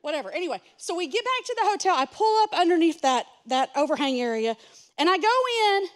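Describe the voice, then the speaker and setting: High-voiced woman pastor preaching. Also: fast. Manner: animated, self-mocking storyteller who acts out quotes. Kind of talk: sermon with a comic story.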